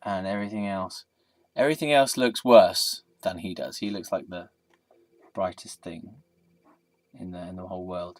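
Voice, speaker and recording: A man's voice: sits low, moderate pace, pauses often, dry recording. A tired man rambling casually and self-deprecatingly to a statue while he films. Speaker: vlogger.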